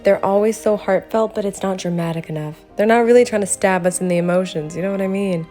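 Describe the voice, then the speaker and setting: A woman's voice: mid-range voice, fast talker, soft background music. Giggly woman narrating her drawing. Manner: giggly and animated, laughs often. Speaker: art vlogger. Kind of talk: casual narration over drawing.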